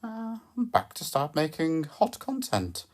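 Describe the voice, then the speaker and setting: A woman hosting a comic podcast, rambling in a deadpan, hesitant way with constant ums and self-corrections. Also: low voice, measured pace. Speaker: podcast host.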